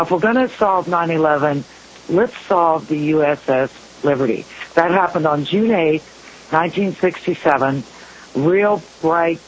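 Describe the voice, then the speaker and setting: A male talk-radio host with a fairly high voice tells his story in an earnest, conversational way. The audio is muffled and lo-fi, with faint hiss underneath. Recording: dull lo-fi radio recording with hiss.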